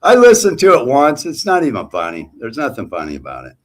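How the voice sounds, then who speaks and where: A man's voice: medium pitch, wildly swooping pitch, fairly quick, a crowd in the background. A man calling into a casual chat, blunt and scornful, ranting and swearing.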